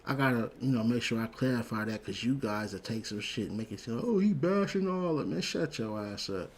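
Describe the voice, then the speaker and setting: A man's voice: fairly low pitch, a little fast, breathy edge. A man hosting a show, giving a blunt, heated, profane commentary rant full of repeated words. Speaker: show host.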